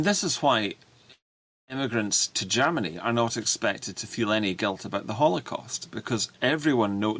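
Man, low gravelly voice, halting and full of restarts; unscripted guest chat. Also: fairly bright tone. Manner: halting, many restarts and fillers. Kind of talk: livestream political discussion.

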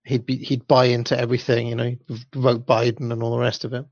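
A man's voice: medium pitch, monotone, quick pace, dry recording. A man rambles through commentary between pages of a storybook, circling back and restarting his sentences. His voice sits in the middle range and sounds dry and slightly muffled. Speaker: livestream host.

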